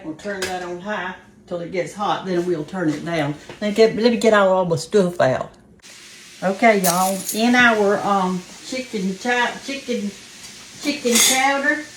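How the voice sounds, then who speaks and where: In her home kitchen, a Southern woman with a mid-range voice cooks on camera, sounding slightly breathless as she talks straight to "y'all" in a folksy, chatty way. It's a casual cooking demonstration; a faint frying sizzle plays behind her, and the low-quality recording has a little hiss or hum.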